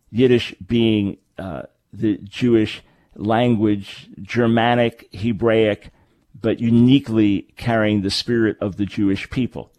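A man's voice: lowish voice, a little mellow, no room sound. A man hosting a radio talk show, explaining points in an emphatic way and correcting himself as he goes. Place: radio studio. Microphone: studio microphone.

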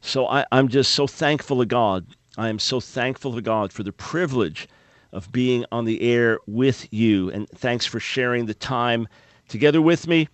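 A man's voice: medium pitch, moderate pace, no echo. A man in his late fifties hosting a call-in radio show, talking in an earnest, upbeat way and often repeating words as he restarts. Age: 50s. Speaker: radio talk show host. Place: dry radio studio. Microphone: studio microphone.

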